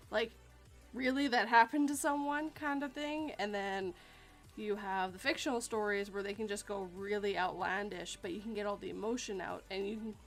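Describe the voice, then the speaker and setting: A woman hosting a casual podcast, chatty and quick to laugh. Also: mid-range voice. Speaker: podcast host.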